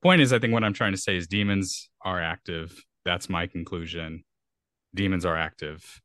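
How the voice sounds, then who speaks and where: A man's voice: sits low, normal speed, fairly bright tone, dry recording, studio quality. A young man co-hosting a podcast, talking earnestly in a rambling, casual way with frequent restarts. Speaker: podcast co-host. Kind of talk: casual conversational discussion.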